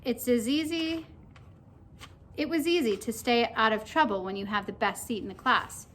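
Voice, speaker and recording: A woman narrating a children's story aloud with expressive storytelling. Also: a little high, normal speed, a little hiss or hum.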